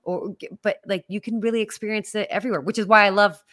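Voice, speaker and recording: Woman podcast co-host, animated and chatty, dry close sound. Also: mid-range voice, fast, no echo. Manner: chatty, animated, laughs easily. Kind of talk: casual chat.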